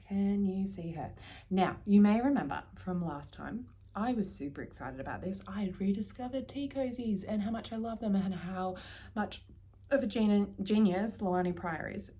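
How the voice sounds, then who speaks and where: An Australian woman vlogging casually about her knitting, chatty and prone to dropping into soft, near-whispered asides. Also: medium pitch, expressive, moderate pace, a little hiss or hum. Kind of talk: casual chat.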